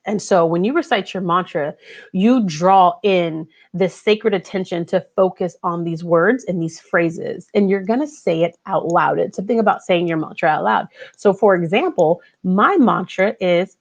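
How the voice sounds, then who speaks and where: A woman hosting a podcast as a life coach, giving a conversational motivational talk and repeating her key phrases. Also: lowish voice.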